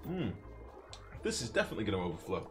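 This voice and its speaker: A man's voice: on the low side, huge pitch swings, fast. A man commentating casually on a live game stream, chatty, profane and self-mocking. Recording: music playing behind.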